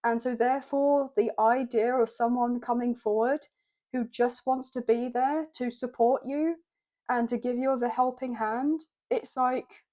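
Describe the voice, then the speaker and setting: A woman gives a channelled tarot reading in a steady, flowing stream. Her voice sits fairly high but sounds mellow and soft. She keeps coming back to what she is hearing from spirit. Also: unhurried. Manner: flowing, repeats "I'm hearing" while channelling messages. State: choked up with emotion. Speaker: tarot card reader.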